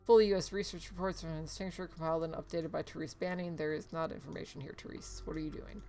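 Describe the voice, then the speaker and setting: Sarcastic woman streamer, lowish voice. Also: creaky, darkish tone. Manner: sarcastic, wry asides and frequent laughter. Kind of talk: casual let's-play commentary, reading in-game emails aloud.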